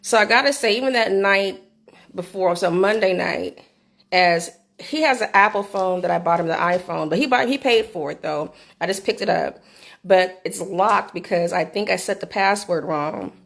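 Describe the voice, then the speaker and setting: A middle-aged woman telling a candid personal story into her phone for a vlog, animated and swearing freely. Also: mid-range voice, moderate pace, creaky. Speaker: vlogger.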